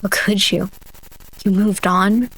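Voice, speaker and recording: A woman's voice: mid-range voice, steady tone, slow, a bit bright, slight background noise, rough recording. A woman voicing a jealous, accusing ghost husband who throws wounded questions. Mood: bitter.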